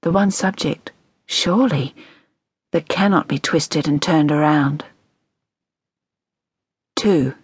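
A woman narrates an audiobook, measured and quietly wry. Her voice sits low for a woman. It is recorded on a close studio mic with a very dry sound. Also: breathy edge, dry recording.

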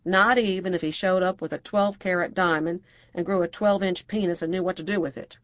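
A woman's voice: lowish voice, steady tone, fairly quick, no room sound, dull audio, lightly acted. A woman narrator voicing a brassy, outspoken middle-aged divorcée who talks bluntly and crudely.

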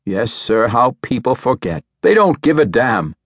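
A man's voice: mid-range voice, big pitch swings, unhurried, dry recording, studio quality. A man voicing a bitter old hunchbacked widower who mutters complaints, in an audiobook reading.

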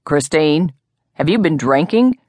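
A sober man, compassionate but stern, speaking low and steady. He is an audiobook character voiced by a woman narrator, recorded dry and close. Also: unhurried, no room sound.

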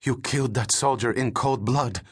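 A man's voice: mid-range voice, normal speed, breathy edge, voice pushed up, lightly acted. A man voicing an appalled male professor in his thirties who speaks with a tight, emotional voice. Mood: indignant.

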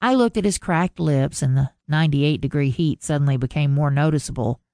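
A woman narrating a first-person contemporary romance audiobook in a measured storytelling manner. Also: low voice, warm tone, no echo, clean studio sound.

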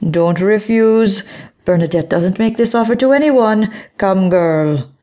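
A woman voicing a stern, mysterious fortune teller who speaks slowly and gravely. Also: mid-range voice, dark tone, pitched above the performer's own voice, lightly acted. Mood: stern, ominous. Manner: slow, stern and ominous.

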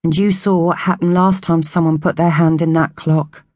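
A woman reading an audiobook, voicing a gentle young orphan boy who talks in an earnest, confiding way. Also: deep voice, flat delivery, normal speed, natural voice.

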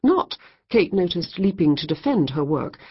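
A woman narrating a comic novel in a wry, measured storytelling manner. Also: on the low side, sing-song, slightly rough, muffled recording. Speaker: audiobook narrator. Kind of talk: scripted narration.

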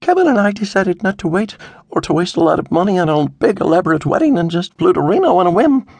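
Nervous young daughter, pleading and earnest, pitched well up, as a male narrator puts her on. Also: sing-song, quick pace, creaky, darkish tone, husky, no room sound, exaggerated voice.

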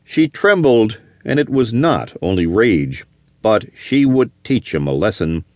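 A man's voice: lowish voice, sing-song, a little slow, darkish tone, no room sound. A man reading a western novel aloud as an audiobook narrator, telling the story expressively. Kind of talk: scripted narration.

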